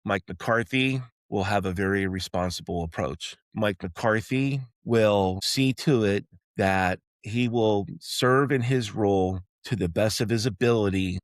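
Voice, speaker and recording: Male sports podcast host, low voice, emphatic and rallying, dry close-mic read. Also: no room sound. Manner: emphatic, repeats "okay?" to drive points home; rallying, pleading tone toward fans. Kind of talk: solo sports opinion podcast.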